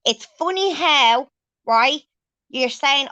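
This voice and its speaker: A woman's voice: high-pitched, lively intonation, takes it slowly, pushed and bright, no room sound. A woman hosting a livestream, ranting angrily and swearing heavily as she confronts someone. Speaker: livestream host. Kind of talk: angry livestream rant.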